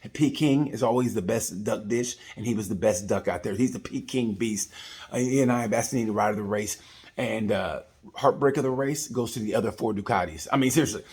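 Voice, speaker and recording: A man's voice: fairly low pitch, fairly quick, darkish tone. Chatty man rambling through a race review. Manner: chatty, jokey, loose with nicknames. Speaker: vlog host reviewing a race. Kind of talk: casual rambling review to camera.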